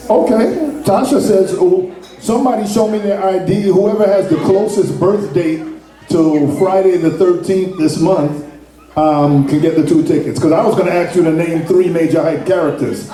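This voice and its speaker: A man's voice: high voice, normal speed, mellow. A man joking with a crowd as he hosts a ticket giveaway at a live venue. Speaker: event promoter. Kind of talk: live event hosting to a crowd. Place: large indoor venue. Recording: echoey hall, distant mic.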